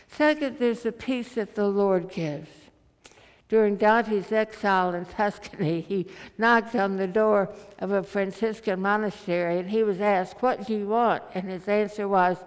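A woman preacher giving a sermon, telling stories in a slow, deliberate way in a church. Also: medium pitch, a little mellow. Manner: slow, deliberate storytelling delivery. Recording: reverberant hall.

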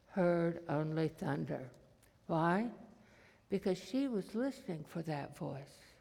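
A preacher delivering a sermon in a slow, deliberate cadence built on repetition. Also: medium pitch, vocal fry, dark tone, in a large hall.

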